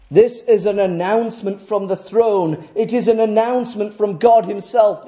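High-voiced, mellow middle-aged man preaching. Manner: emphatic, repeats phrases, rhetorical questions. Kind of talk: sermon.

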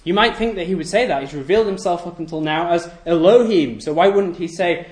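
High-voiced preacher in an echoey hall. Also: male voice, expressive, a little fast, a little mellow. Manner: rhetorical questions, emphatic repetition. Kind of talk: sermon. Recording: echoey room.

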